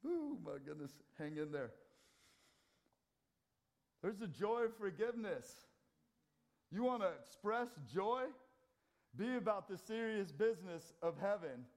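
A middle-aged man preaching a sermon in a church, swinging from loud scripture readings to quiet asides. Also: high-pitched, animated, measured pace, pauses often. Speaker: pastor. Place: church sanctuary.

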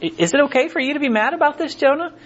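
A man voicing God as a patient figure who gently challenges and reasons. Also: very high-pitched, lively intonation, rapid-fire, highs cut off, pitched above the performer's own voice. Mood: incredulous. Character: patient questioning deity, male.

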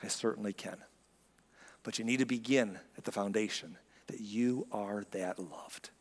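A man's voice: fairly low pitch, measured pace. A male pastor giving a conversational, earnest sermon, sometimes acting out quoted speech. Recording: long reverb of a large hall.

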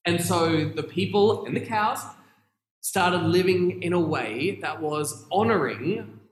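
A man delivers a sermon at an unhurried, deliberate pace, pausing often and leaning hard on key words. His voice sits a little high for a man. The room around him is roomy and echoey, like a church. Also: lively intonation, a little hiss or hum. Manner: earnest, reflective, with long pauses and emphatic stresses. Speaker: preacher.

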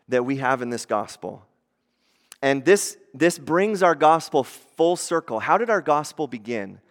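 A man preaching a sermon as pastor, conversational and animated, acting out the voices he quotes. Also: mid-range voice, slow pace, in a large hall.

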